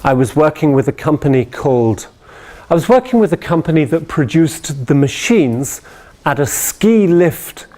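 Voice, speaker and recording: A man's voice: a little high, moderate pace. A man giving a sales training talk, telling anecdotes with animation and checking in with his listeners. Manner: animated storyteller, asks the room questions.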